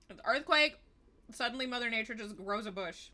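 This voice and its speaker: A woman's voice: a little high, expressive, moderate pace, pushed and bright. Sarcastic, foul-mouthed woman streamer. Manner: sarcastic, swears freely. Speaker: livestreamer. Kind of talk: gameplay livestream commentary.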